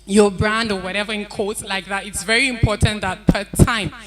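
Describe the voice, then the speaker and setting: A woman's voice: mid-range voice, fairly even intonation, normal speed. A woman speaking on a conference panel, giving earnest advice and repeating her key points. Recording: event hall with crowd noise.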